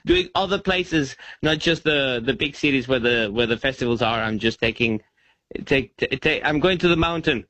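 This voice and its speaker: A man's voice: medium pitch, animated, moderate pace, a bit bright, no room sound, rough recording. A man from Venezuela, a comedian guest on a casual radio chat, playful and given to stammered repeats. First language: Spanish.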